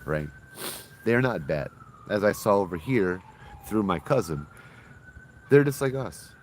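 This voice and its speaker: A man, a ghost tour guide telling spooky stories in a casual, animated way with local slang. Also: low-pitched, slight background noise. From Hawaii.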